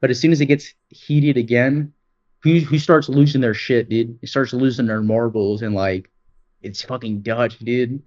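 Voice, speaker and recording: A man co-hosting a podcast, chatting excitedly about games, peppering his talk with "dude" and swearing. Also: mid-range voice, normal speed, highs cut off. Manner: excited, profane, rambling with lots of "dude". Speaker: podcast co-host. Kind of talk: casual gaming chat.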